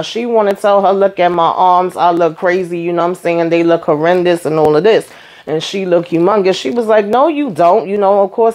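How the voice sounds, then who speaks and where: A woman recaps a reality show in a sassy, animated way and acts out the people in it as she goes. Her voice sits at a middle pitch. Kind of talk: casual recap commentary.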